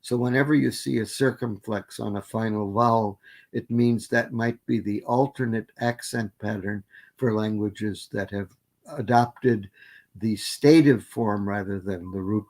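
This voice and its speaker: A man's voice: on the low side, darkish tone. An older man giving an academic plenary lecture, methodically listing word forms with frequent fillers and restarts. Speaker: linguistics lecturer.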